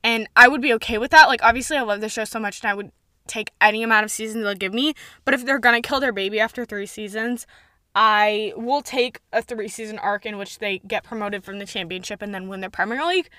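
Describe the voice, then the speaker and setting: A woman's voice: medium pitch, fast, sharp tone, no room sound, clean studio sound. A young woman hosting her own solo podcast, gushing and ranting as a fan, swearing for emphasis. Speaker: podcast host. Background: faint intro music at the end.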